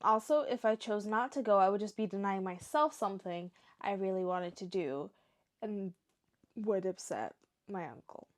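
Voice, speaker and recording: A young woman reading stories aloud for her show and breaking off into emotional, chatty reactions. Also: medium pitch. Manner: emotional, chatty asides between read passages. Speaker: story reaction host.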